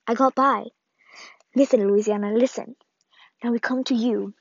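A woman reading the farewell letter of an old, ailing grandmother in a solemn, measured way, on a dull, lo-fi recording. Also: on the high side, steady tone, vocal fry, slightly rough. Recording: dull, lo-fi dry read.

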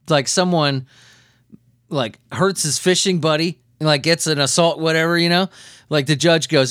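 A man's voice: fairly high pitch, normal speed, fairly bright tone, no echo, studio quality. A man hosting a comedy news podcast, riffing on stories in a loose, profane, rambling way with frequent chuckles. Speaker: podcast host.

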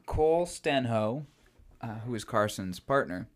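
A man's voice: medium pitch, animated, measured pace. Young man, podcast co-host, casual film chat, chatty, giggly, mid-range voice. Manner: chatty, giggly, trails off with ums.

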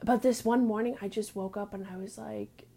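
A young woman rants to camera in a loose, unscripted vlog. She is blunt and foul-mouthed, leans on filler words, and sometimes drops to a hushed aside. Her pitch sits in a middle range. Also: fairly even intonation, fairly quick, husky. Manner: blunt, crude, heavy on "like" fillers. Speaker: vlogger. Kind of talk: casual profane venting monologue.

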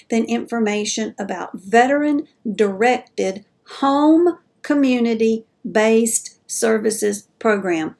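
A woman with a Southern accent hosting a caregiving podcast, talking to listeners in a chatty, folksy way and laughing at herself. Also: on the high side. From American South. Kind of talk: casual chat to listeners.

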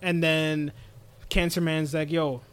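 A man on a casual podcast retells an anime episode, slipping into quick impressions of each character as he goes. His voice sits a bit higher than most men's. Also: slight background noise. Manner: animated storyteller acting out characters' lines. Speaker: podcast co-host.

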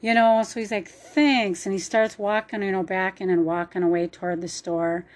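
A woman's voice: medium pitch, little pitch movement, moderate pace. A woman shares a faith testimony in a heartfelt, rambling way. Her voice sits in an ordinary middle range, and she drifts through her story with plenty of fillers. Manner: earnest, emotional storytelling with fillers. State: choked up at times.

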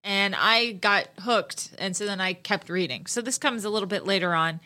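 Woman podcaster, bright clear voice, casual chat, reads fan fiction aloud. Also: medium pitch, normal speed. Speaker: podcast co-host.

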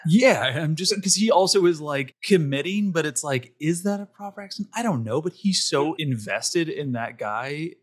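A man's voice: a little high, animated, moderate pace, few pauses, breathy edge. A man talking casually about films on a podcast, loose and profane, often laughing. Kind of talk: casual film chat.

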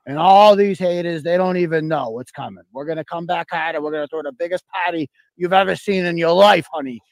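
A man's voice: a little high, a little fast, dry recording, close to an everyday voice. A man putting on a sleazy, scheming husband, leaving a rambling, sheepish confession on a voicemail. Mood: smarmy.

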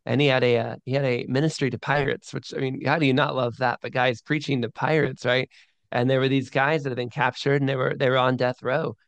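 A man's voice: medium pitch, a little fast, creaky, dry recording. Eager man talking about sermons. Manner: eager, animated, with frequent restarts. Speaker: podcast guest and sermon producer. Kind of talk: enthusiastic interview talk.

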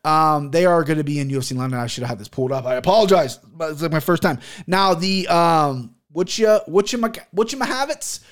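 A young man chatting on his own podcast in a loose, profane, joking way. His voice sits a bit high for a man, and he rambles through stories and betting picks. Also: brisk, few pauses. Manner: loose, profane, jokey storytelling. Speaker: podcast host and sports betting picker. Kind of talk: casual solo podcast chat.

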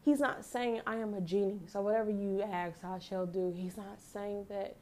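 A young woman hosts a faith podcast, reading scripture aloud and discussing it in an earnest, emotional way while often stopping to correct herself. Her slightly mellow, medium-pitched voice keeps fairly even intonation at a moderate pace in this casual devotional talk.

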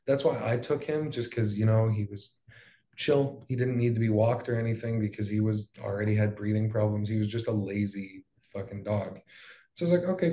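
A young man from Hawaii recounts events in loose, casual talk, stopping for fillers and dropping curse words as he goes. His voice sits in an ordinary middle pitch. The room around him rings with a noticeable echo. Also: warm tone. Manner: loose, profane, rambling with fillers. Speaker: wildfire survivor guest. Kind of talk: casual storytelling. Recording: echoey room.

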